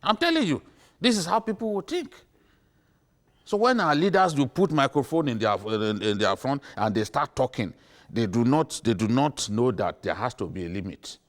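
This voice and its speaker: On a TV studio panel, a middle-aged man with a Nigerian accent lectures emphatically and keeps repeating his points. He has a medium-pitched voice with lively intonation and a moderate pace.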